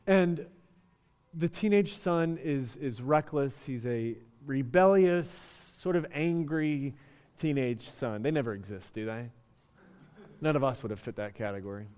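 A man's voice: medium pitch, a little slow, darkish tone, clear, resonant tone. A male pastor preaching a sermon, telling a story and building to emphatic, raised passages. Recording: long reverb in a large hall.

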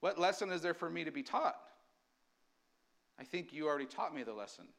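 A man preaching a sermon as pastor, energetic and often asking the congregation questions. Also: on the high side, brisk, creaky.

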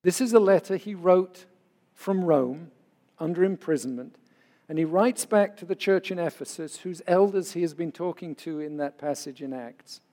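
A man's voice: on the high side, normal speed, dark tone, long reverb tail. A man in his sixties, a pastor, giving an earnest, conversational sermon full of personal stories.

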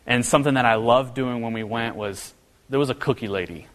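Casting: male pastor preaching, mid-range voice, long hall reverb. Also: a little fast. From American Midwest. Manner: earnest, storytelling with humor, pitch rising when animated. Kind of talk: sermon.

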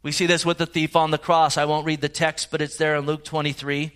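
A man preaches a sermon, reading scripture aloud and building to emphatic points. His voice sits slightly high for a man. He turns to the congregation with direct questions. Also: level tone, a little fast, fairly bright tone, smooth. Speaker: pastor.

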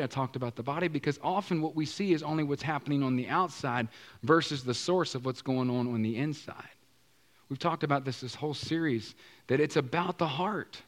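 A male pastor preaching a sermon in a conversational way, often asking the congregation questions and using casual slang. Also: fairly high pitch.

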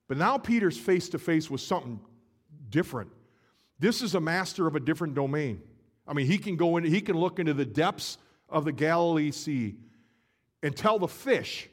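Animated, higher-voiced male preacher. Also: fairly quick. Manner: storytelling, acts out scenes with shifting energy. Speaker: pastor. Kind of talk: sermon.

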